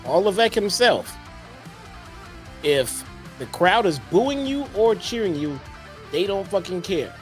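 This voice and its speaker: A man's voice: high voice, sing-song, a little slow, pauses often, faint music behind. A man co-hosting a casual wrestling review show, reacting with incredulous, exasperated remarks. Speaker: podcast co-host.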